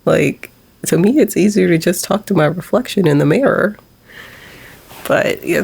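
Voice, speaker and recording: A woman's voice: lowish voice, lively intonation, moderate pace, gravelly, long pauses, darkish tone, slightly rough. A woman who runs a small video channel, talking candidly to her camera at home, rambling, swearing and sometimes dropping to a whisper. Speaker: small YouTube creator. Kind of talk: personal confessional vlog.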